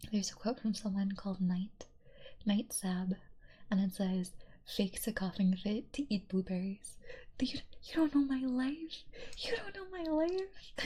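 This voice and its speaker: A young woman streamer reading chat aloud in a soft, giggly whisper, in a whispered role-play style. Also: lowish voice, husky.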